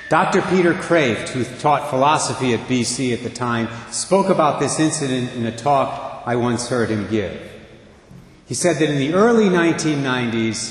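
A middle-aged man, a priest, giving a sermon in a church in an earnest, storytelling manner. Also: mid-range voice. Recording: echoey church with long reverb.

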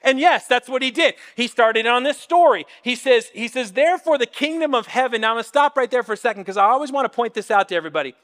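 A man preaching a sermon as pastor, animated, often repeating words as he builds to a point and acting out the voices he quotes. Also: extremely high pitch, fast talker, few pauses, in a large hall. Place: church sanctuary.

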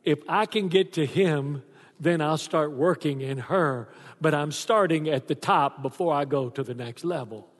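An older man preaches a lively sermon, acting out the people in his stories. His voice sits a little high for a man. It rings with the long reverb of a large church hall. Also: a little slow. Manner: animated storytelling, acts out voices in quotes. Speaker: pastor.

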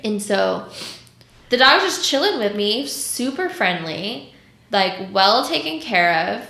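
Woman, dog groomer, blunt and cussing, bright forceful voice, roomy echo. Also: fairly high pitch, sing-song, takes it slowly, gravelly. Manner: blunt and profane, acts out voices in stories. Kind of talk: casual storytelling chat.

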